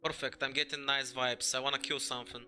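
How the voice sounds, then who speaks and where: A man's voice: medium pitch, level tone, fast talker, sharp tone, soft background music. A man playing a tabletop game, hesitant and joking, swearing now and then. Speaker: player. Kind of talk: tabletop role-play chat.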